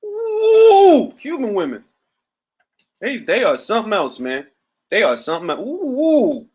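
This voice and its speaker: A man's voice: on the high side, moderate pace. A middle-aged man hosting a boxing talk show, ranting profanely and casually on a livestream from home. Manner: profane, animated, riffing. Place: at home, seated.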